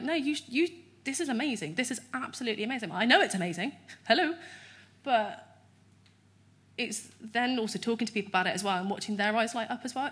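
A woman, giving a chatty, animated testimony in an interview at church. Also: a little high.

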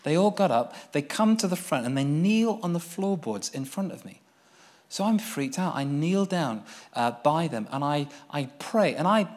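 A young man preaches through his own story, his voice sitting a little high. He moves between bursts of excitement and quiet, earnest moments as he recounts it. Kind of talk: personal testimony sermon.

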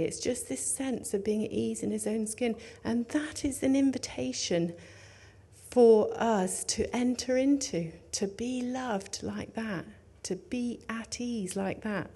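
A woman preaching a sermon in an earnest, conversational way, dropping to hushed tones and rising for emphasis. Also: fairly high pitch, slightly rough.

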